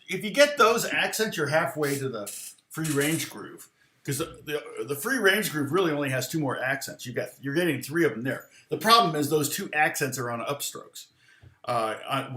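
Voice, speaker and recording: A man teaching guitar in a loose, chatty live online lesson, counting and humming rhythms aloud as he goes. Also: fairly high pitch. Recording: roomy sound with loud guitar and backing music.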